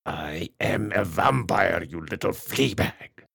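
A man's voice: low-pitched, expressive, takes it slowly, gravelly, a bit bright, no room sound, clean studio sound, full character voice. A man playing a vain, theatrical vampire. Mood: boastful. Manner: grandiose, melodramatic declaiming.

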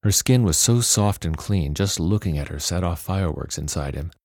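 A man narrates a novel aloud in a steady, measured reading. His voice is very low and gravelly. The recording is dry and close. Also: dry recording. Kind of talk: storybook narration.

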